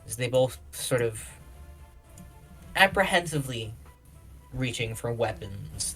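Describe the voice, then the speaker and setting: A man narrating a tabletop game as game master, describing the scene in a steady, searching way with frequent restarts. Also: mid-range voice, unhurried, pauses often, faint music behind, rough recording.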